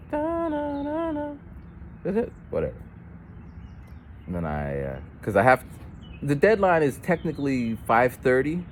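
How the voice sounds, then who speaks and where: A man's voice: deep voice, slight background noise. A man telling a rambling story while walking outdoors, with false starts and quoted voices of other people. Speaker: vlogger. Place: outdoors on a street.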